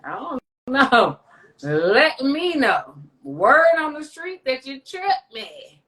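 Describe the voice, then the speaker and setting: Her high-pitched, somewhat bright voice swings widely in pitch as she speaks slowly on a poor-quality recording. She's a livestream host chatting casually, meandering, swearing and joking throughout.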